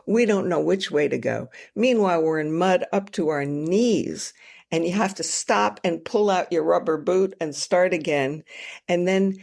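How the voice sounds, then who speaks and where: A woman author, a guest on a podcast, telling her travel stories in an animated, self-mocking way. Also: on the low side, a little slow, vocal fry. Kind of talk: storytelling in a podcast interview.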